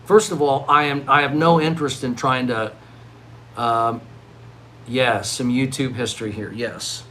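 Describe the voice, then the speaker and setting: A middle-aged man vlogging live in a rambling monologue, swinging from loud, excited outbursts to low mutters. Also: unhurried, slight background noise, poor audio. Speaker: livestreaming vlogger.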